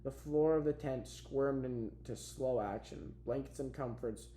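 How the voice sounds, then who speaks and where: A man's voice: mid-range voice, unhurried, slight background noise. Man reading a novel aloud, roomy sound. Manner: steady, plain reading with small restarts. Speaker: audiobook reader. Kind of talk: amateur audiobook narration. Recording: roomy echo.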